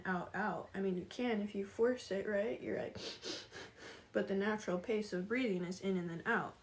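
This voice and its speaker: A woman's voice: mid-range voice, a little hiss or hum. A woman chatting casually with viewers on a livestream, laughing often and greeting them by name.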